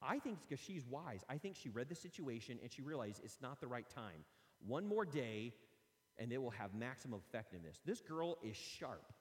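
A male pastor preaching a sermon as an animated storyteller who jokes with his listeners, recorded in a church sanctuary. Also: mid-range voice, moderate pace. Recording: long reverb of a large hall.

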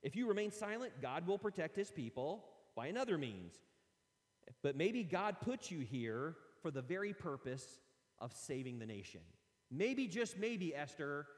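A man's voice: on the high side, very animated, a little slow. A man doing a blunt, urgent older guardian. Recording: long reverb of a large hall.

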